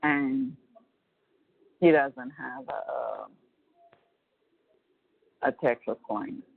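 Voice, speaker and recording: Low, gravelly woman on a phone line. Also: huge pitch swings, dry recording. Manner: halting, restarts often. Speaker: relative on a prison call. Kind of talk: casual phone chat.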